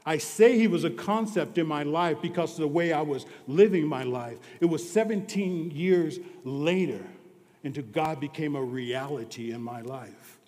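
A man preaching a sermon as pastor, earnest, moving between hushed and emphatic delivery. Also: on the high side, normal speed. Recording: long reverb of a large hall.

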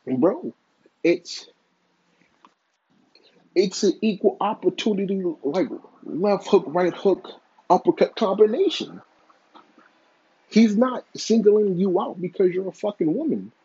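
Male commentator, mellow and a bit raspy, swearing freely while speaking his mind, on a dull lo-fi mic. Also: high voice, animated, measured pace, pauses often. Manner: blunt, profane, opinionated. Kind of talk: casual opinion commentary.

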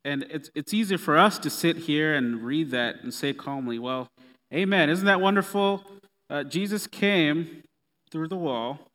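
A man preaching a sermon in a relaxed, conversational way with playful asides. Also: fairly high pitch, a little slow. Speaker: pastor. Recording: long reverb of a hall.

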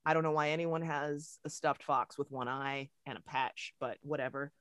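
Animated, swearing woman in casual chat. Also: deep voice, clean tone, no echo, clean studio sound. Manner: animated, profane, quick-talking. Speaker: podcast co-host.

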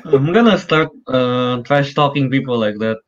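A man's voice: medium pitch, normal speed. A man co-hosting a casual film watch-along, jokey and laughing a lot. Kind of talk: casual group commentary over a film. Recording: muffled lo-fi sound.

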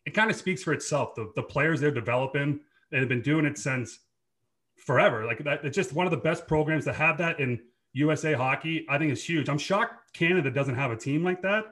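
Bright-voiced Boston man, laid-back. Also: on the high side, brisk. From Dorchester, Massachusetts. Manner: laid-back, laughs often, swears freely. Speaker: podcast guest, former hockey player. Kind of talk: casual chat.

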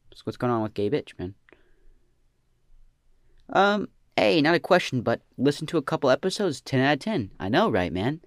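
A young man hosting a comedy podcast, answering listener questions in a deadpan slacker drawl that trails off with "man" and "bro". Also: mid-range voice, normal speed, long pauses, dry recording, clean studio sound.

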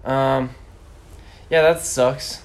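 A man's voice: mid-range voice, fairly even intonation, extremely slow, clear, resonant tone. A teenage boy casually telling a funny story, full of quoted lines and laughter. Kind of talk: casual chat.

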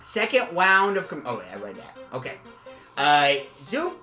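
This is a male comedy podcast host who talks in halting, filler-heavy bursts, then lands his points with sudden emphasis. His pitch swings widely and his tone is bright. He sounds roomy, with faint music underneath. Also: huge pitch swings. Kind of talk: improvised comedy podcast banter.

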